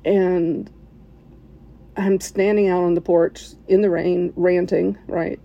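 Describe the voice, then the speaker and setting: A woman tells a heartfelt personal story in a slow, unhurried way, pausing and restarting often. Her voice sits low and mellow, with a gravelly edge. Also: level tone, highs cut off. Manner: halting, with fillers, restarts and soft laughs. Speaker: listener sharing a personal story.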